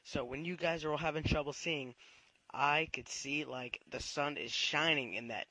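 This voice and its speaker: A man's voice: fairly high pitch, moderate pace, bright, forceful tone, dry recording, poor audio. A man recording a game tip for a podcast, rambling and saying like a lot. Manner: rambling, filler "like". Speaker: listener sending a tip.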